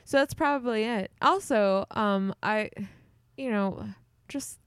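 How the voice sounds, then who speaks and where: A woman co-hosting a podcast, speaking unhurriedly in a smooth, clear voice. She drops playful, deadpan quips and restarts sentences as she thinks. Her voice is dry and close to the mic. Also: on the high side, takes it slowly, no room sound. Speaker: podcast co-host. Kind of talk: casual chat.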